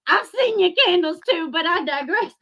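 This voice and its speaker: High-pitched angry woman ranting on stream. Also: lively intonation, measured pace, pushed and bright. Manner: angry, profane, sarcastic; addresses chat viewers by name. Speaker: YouTube channel host. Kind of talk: livestream rant.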